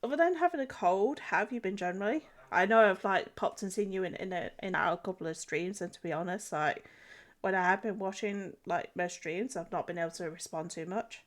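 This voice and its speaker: A woman's voice: medium pitch, fairly quick. Girl streaming her drawing, giggly and chatty, stuffed up with a cold. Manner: giggly, chatty, self-deprecating. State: has a cold. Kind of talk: casual live-stream chat while drawing.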